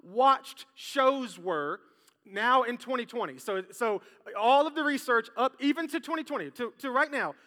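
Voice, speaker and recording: A man preaching a sermon as pastor, lively and joking, talking straight to his congregation. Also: very high-pitched, moderate pace. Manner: lively, jokey, talks straight to the crowd. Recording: long hall reverb.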